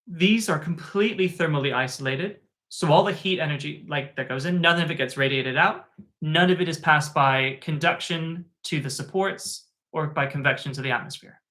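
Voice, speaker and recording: A man who works as a tutor, telling an anecdote in a chatty, animated way with plenty of fillers. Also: a little high, moderate pace. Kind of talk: casual spoken anecdote.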